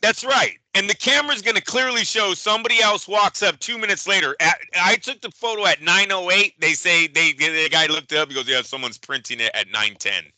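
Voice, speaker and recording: A man co-hosting a show, telling a story in casual chat, animated and profane, acting out the people he quotes. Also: high voice, a little fast, hardly any pauses, no room sound, low-quality recording. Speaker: boxing show co-host.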